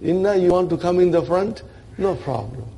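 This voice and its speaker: A man's voice: high voice, lively intonation, moderate pace, mellow, voice pushed up. A man voicing a personified letter that insists on its job in a classroom story. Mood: insistent. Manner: insistent, matter-of-fact.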